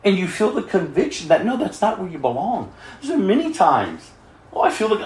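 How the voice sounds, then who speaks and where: A man preaching a sermon as pastor, swinging from fervent cries to quiet pleading. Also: sits high, huge pitch swings, brisk, echoey room.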